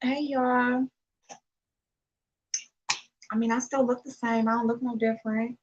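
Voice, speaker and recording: A woman's voice: a little high, level tone, a little slow, muffled recording, a little hiss or hum. A young woman hosting a casual livestream while doing her makeup, chatty and a little nervous, greeting viewers by name. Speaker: beauty YouTuber hosting a livestream.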